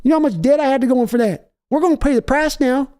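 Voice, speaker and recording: A man's voice: extremely high pitch, fast talker, mellow, voice pushed up. A man putting on the voice of a brash, boastful older male football team owner who talks in a folksy, wheedling way and repeats himself.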